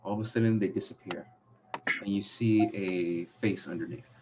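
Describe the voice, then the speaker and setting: A young man narrating as game master, describing scenes in a halting way with frequent fillers. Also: lowish voice, steady tone, noisy background. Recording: muffled lo-fi audio.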